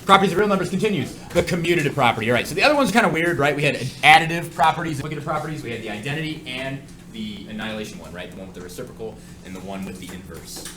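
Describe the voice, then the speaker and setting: A man's voice: medium pitch, racing, few pauses, roomy sound, background noise. A man teaching a math class, explaining with jokes and asides to his students. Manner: joking, lively, asides to students. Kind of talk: classroom lecture.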